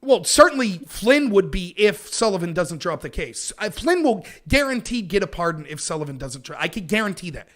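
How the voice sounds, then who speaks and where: A man's voice: big pitch swings, brisk, few pauses, fairly bright tone. An American man hosting a political call-in show, arguing emphatically and mocking opponents. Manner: emphatic, argumentative, mocks opponents in high voices. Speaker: show host.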